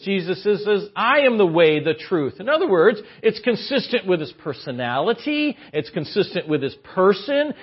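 A man's voice: high voice, slightly rough. A man preaching a conversational sermon as guest preacher, chatty and given to joking asides. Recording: muffled lo-fi sermon recording.

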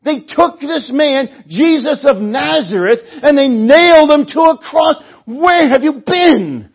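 A man voicing an incredulous male traveler, speaking sarcastically and loudly in a dull lo-fi recording. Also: very high-pitched, animated, slow pace, voice pushed up, heavily acted. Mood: sarcastic, incredulous. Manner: sarcastic, exasperated, loud.

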